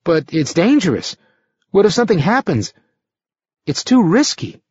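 A man's voice: a little high, sing-song, normal speed, darkish tone, husky, no room sound, voice pushed up. A man voicing a frightened young male hitchhiker who turns out to be a shape-shifter, talking in an anxious, pleading, hesitant way. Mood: fearful, pleading. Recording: slightly muffled recording.

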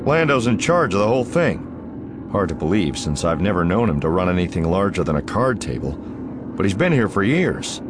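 A man's voice: low-pitched, sing-song, a little fast, background noise. A man reading an audiobook, voicing a wry, roguish male space pirate with a dry sardonic edge. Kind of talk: audiobook narration.

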